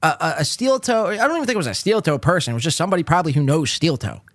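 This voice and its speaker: Male podcast host, snarky reaction commentary, lively high-ish delivery. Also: rapid-fire, dry recording. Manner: sarcastic, profane, rambling. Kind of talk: casual commentary.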